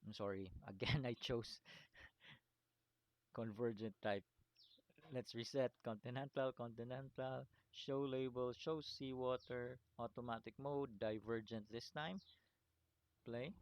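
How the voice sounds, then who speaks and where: A man's voice: medium pitch, steady tone, unhurried, pauses often, no echo. A man teaching a screen-recorded lesson, walking through steps, often checking in with "okay?" and "right?", with a chuckle at his own slips. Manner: repetitive, stops to check understanding with "okay?" and "right?".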